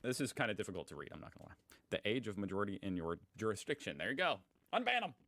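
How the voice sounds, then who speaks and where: A young man with a fairly low voice reads posts aloud and comments on them. His delivery is sarcastic and amused, in a loose, chatty way. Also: sing-song, very fast, very noisy. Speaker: host.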